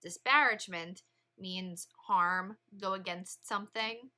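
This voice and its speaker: Lively woman teacher with a bright voice. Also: medium pitch, slow pace. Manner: lively, chatty explaining. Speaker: English teacher. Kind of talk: read-along literature lesson.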